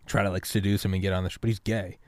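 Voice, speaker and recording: Young guy hosting a podcast, rambly, laughs a lot, lowish voice, dry sound. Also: little pitch movement, very fast, no room sound. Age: young adult. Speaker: podcast host. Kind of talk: casual chat.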